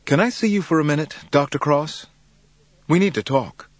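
A man reading the lines of a strained, urgent woman detective in an audiobook, quick and hushed. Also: fairly high pitch, animated, no echo, voice pushed up, lightly acted.

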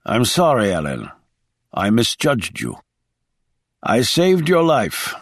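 A man's voice: medium pitch, huge pitch swings, slow pace, dry recording, full character voice. A man voicing a determined, suspicious male boss in an audiobook, speaking in clipped, commanding lines, dry recording. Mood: firm. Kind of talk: audiobook character reading.

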